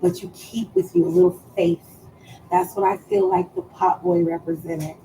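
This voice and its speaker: A woman's voice: on the low side, steady tone, moderate pace, warm tone, a little hiss or hum, low-quality recording. A woman streaming live, chatting casually in a profane, teasing way and drawing out words for emphasis.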